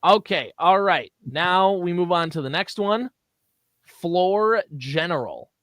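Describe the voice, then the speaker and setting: Slightly high-voiced guy running a radio sports quiz, teasing, dry studio mic. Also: animated, fairly bright tone, dry recording. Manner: teasing quizmaster, drawls clues slowly. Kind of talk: casual sports radio banter.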